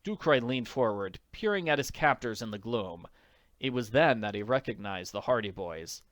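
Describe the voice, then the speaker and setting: A man reading an audiobook in an expressive narrating voice. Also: mid-range voice, moderate pace, no echo, studio quality. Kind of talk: scripted narration.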